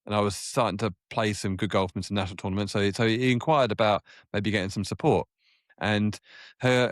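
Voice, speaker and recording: A man in his forties chats as a podcast guest, spinning loose golf anecdotes with plenty of false starts. His voice sits fairly low, and the sound is dry and close with little room around it. He breaks into a higher voice when he quotes others. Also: no echo. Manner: rambling, self-correcting, acts out quoted people in a raised voice. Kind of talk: casual anecdotal storytelling.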